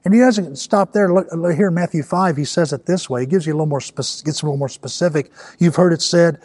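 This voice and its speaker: A man's voice: on the high side, fairly quick, hardly any pauses, a little mellow, no echo. A man preaching a sermon in a conversational way, building to emphatic peaks. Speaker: pastor.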